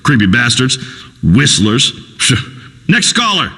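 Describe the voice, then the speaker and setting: A man's voice: medium pitch, very animated, slow pace, pushed and bright, breathy edge, big-room sound, heavily acted, poor audio. An actor playing a crude, macho rural male talk-radio host in a comedy game radio show, drawling and preachy. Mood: boastful.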